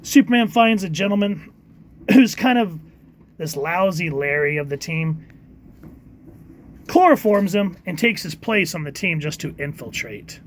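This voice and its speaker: A man giving a casual comic book review, halting often with fillers and reading quoted lines in quick put-on voices. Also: sits high, animated.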